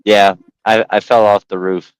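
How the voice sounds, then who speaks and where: A man's voice: on the low side, measured pace, clear, resonant tone, no echo, rough recording. A man on a casual livestream chat, telling stories and acting out quotes with lots of energy. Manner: animated storyteller, acts out quotes. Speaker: livestream co-host.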